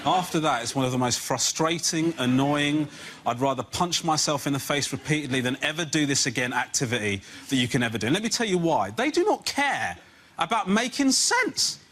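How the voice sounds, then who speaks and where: A man's voice: medium pitch, a little fast, a bit bright. A man performing a stand-up comedy routine, ranting in exasperation.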